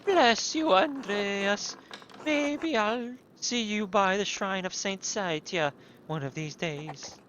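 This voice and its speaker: A man doing a high, slow, kindly nun. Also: fairly bright tone, muffled recording, slight background noise. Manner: slow, sing-song, high falsetto. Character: gentle nun who gathers herbs, a woman, kindly.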